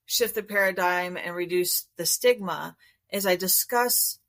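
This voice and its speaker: A woman therapist, a guest on a podcast interview, explaining her approach in a calm, measured way. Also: on the low side. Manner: calm, measured, explanatory, acts out inner voices.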